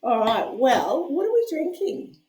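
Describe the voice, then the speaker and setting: A woman hosting a casual podcast from home, chatty and quick to laugh at herself. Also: high-pitched, sing-song, warm tone, a little hiss or hum. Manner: chatty, laughs often, self-deprecating. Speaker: podcast host. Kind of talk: casual chat. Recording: echoey room.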